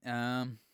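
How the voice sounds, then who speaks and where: A man's voice: mid-range voice, a bit bright, clear, resonant tone, dry recording, clean studio sound. A man co-hosting a podcast in casual chat, loose and jokey, often restarting his sentences. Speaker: podcast co-host.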